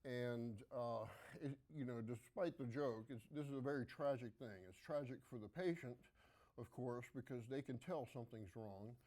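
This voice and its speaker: A middle-aged man hosts a local TV health segment. He speaks plainly and folksily at a mid pitch, with plenty of fillers. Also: moderate pace, darkish tone. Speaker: physician hosting a health segment. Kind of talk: conversational health talk to camera.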